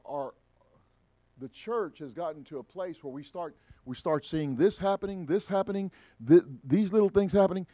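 A man preaching a sermon, swinging from emphatic rises to quiet asides. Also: fairly high pitch. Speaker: pastor. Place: church sanctuary.

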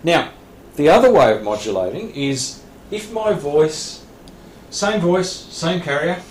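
Taking it slowly, a man with a higher-pitched voice and big swings in pitch teaches a radio licence class. He's from Australia and explains plainly, restarting often and giving small laughs. The training room is echoey, and a faint hiss runs underneath.

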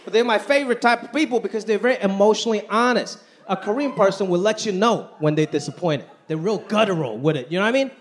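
Speaking quickly and at a high pitch with few pauses, a male comedian works a large theater crowd in a conversational, punchy style full of exaggerated impressions. Audience laughter and applause fill this loud live stage recording.

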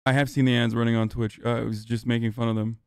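A man's voice: medium pitch, little pitch movement, fast talker, gravelly, clear, resonant tone, no room sound, clean studio sound. A young man streaming live, answering chat questions in a casual, heated, profane rant.

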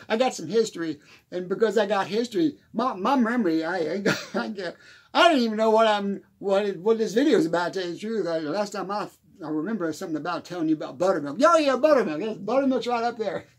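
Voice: medium pitch, breathy edge. A performer playing a forgetful, rambling country musician in an improvised comedy monologue, losing the thread and laughing at his own jokes. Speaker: comedy character.

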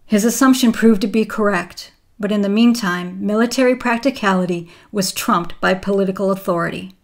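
A woman giving scripted documentary narration in a measured, even reading voice. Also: medium pitch.

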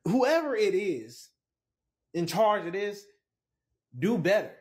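A man giving an animated, exasperated opinion in a casual clip. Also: slow pace. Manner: animated, pitch swinging up when exasperated. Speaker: commentator.

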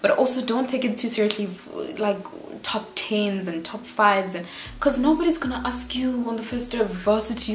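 A South African woman in her twenties giving casual life advice as a vlogger, in a quick, chatty, animated way. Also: on the high side, a little hiss or hum. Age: 20s. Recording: roomy echo.

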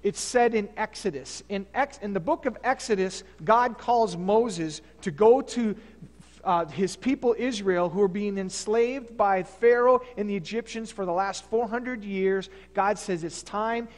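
A male pastor with a high voice delivers a sermon in a loose, conversational way, retelling scripture stories. His voice rings out in a church sanctuary with a long reverb tail. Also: a little slow, a little mellow. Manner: conversational preaching, fillers and restarts.

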